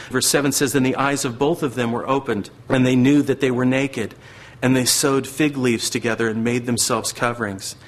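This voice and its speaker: Earnest male pastor preaching. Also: mid-range voice. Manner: earnest, acts out voices of God and Satan. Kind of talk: sermon.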